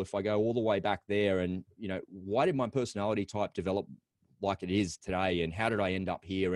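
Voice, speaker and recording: A middle-aged Australian man appears as a podcast guest, telling his story candidly in a reflective interview with a somewhat low, darkish voice. He rambles and thinks aloud, restarting and repeating words. The sound is dry and close, with almost no room echo.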